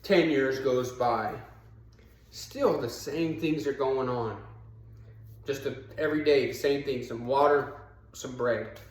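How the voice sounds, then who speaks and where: Recorded in an echoey room, a man tells a parable during a casual motivational talk, slow-paced with long pauses and plenty of "you know." When he drives a point home, he climbs high and gets emphatic.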